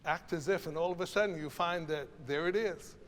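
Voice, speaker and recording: An older man leading a choir rehearsal as conductor, animated, demonstrating phrases by singing them. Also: a little high, brisk, big-room sound, slight background noise. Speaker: choral conductor. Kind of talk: choral masterclass rehearsal.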